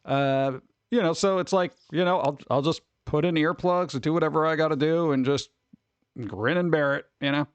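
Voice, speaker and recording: A man's voice: on the high side, normal speed, clean tone, no echo, muffled recording. Rambling New man streaming. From New York. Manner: rambling, restarts, mimics people in quotes. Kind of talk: casual chat with viewers.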